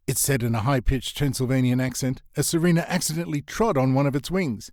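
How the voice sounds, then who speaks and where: A man narrating a comic novel as an audiobook, expressive and swinging his pitch for comic effect. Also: normal speed, no room sound, studio quality.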